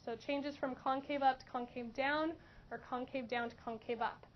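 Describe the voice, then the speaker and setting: A woman teaching a high school math class, asking questions and encouraging students. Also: fairly even intonation, moderate pace. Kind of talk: classroom lesson. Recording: dull lo-fi classroom recording with faint noise.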